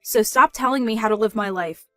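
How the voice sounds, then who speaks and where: A woman doing a calm, firm young woman. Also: fairly high pitch, soft background music. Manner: measured, polite but firm. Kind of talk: dramatized story narration.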